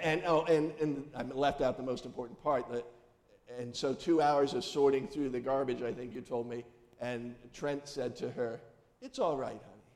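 In a large hall with long reverb, a pastor speaks in a medium-pitched, darkish voice. His sermon is conversational and folksy, full of humorous stories and questions put to the congregation.

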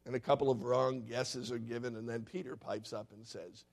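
A male pastor preaching a sermon in a church sanctuary, putting questions to the congregation and swinging from loud to hushed. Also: mid-range voice, fairly even intonation, moderate pace, creaky.

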